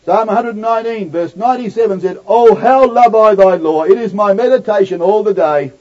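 Dramatic high-voiced male preacher, lo-fi. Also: brisk. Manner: dramatic, swinging from loud declaiming to near-hushed asides. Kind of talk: sermon. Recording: dull lo-fi recording.

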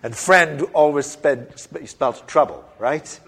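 A man in his fifties preaching a sermon as an animated storyteller, wandering into tangents and joking at his own expense. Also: a little high, unhurried, vocal fry. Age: 50s. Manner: animated storyteller, rambling, self-mocking humor.

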